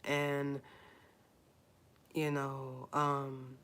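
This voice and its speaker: A woman with a low voice talks straight to her livestream viewers in a casual, earnest way. She repeats phrases, pleads with her audience, and fights back tears. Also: monotone, extremely slow, fairly bright tone, clean tone. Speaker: YouTube livestream host.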